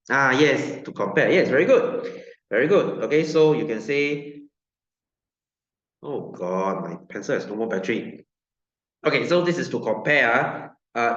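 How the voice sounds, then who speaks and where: A man's voice: medium pitch, lively intonation, measured pace, a bit bright, reverberant, muffled recording. A man with a Malaysian English accent teaching a science class, chatty and joking, laughing often and slipping into Malay.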